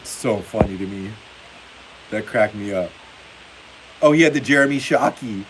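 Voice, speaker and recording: A man's voice: on the low side, normal speed. A man hosting a football livestream in casual chat, reading viewer comments aloud and laughing often. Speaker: livestream host. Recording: faint hiss behind the voice.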